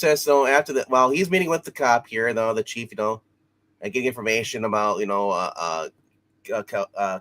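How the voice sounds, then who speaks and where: A man's voice: mid-range voice, fairly bright tone. A man co-hosting a casual TV episode review, talking in a loose, rambling way with many fillers.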